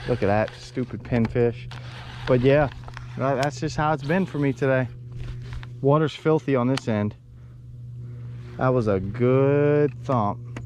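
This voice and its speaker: A man fishing from a boat and talking to his viewers. He rambles and sounds frustrated, and his voice sits at an ordinary middle pitch. Faint outdoor noise runs under the camera mic, and at times he is farther from it. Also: moderate pace, darkish tone. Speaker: fishing vlogger. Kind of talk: casual outdoor fishing vlog.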